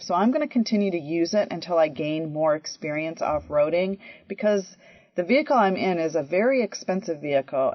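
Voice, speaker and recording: Lady chatting through a story, lots of you knows, slightly low voice, muffled lo-fi recording. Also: dry recording. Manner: chatty, animated, frequent "you know" and "um". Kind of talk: casual personal storytelling. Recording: dry, dull lo-fi audio.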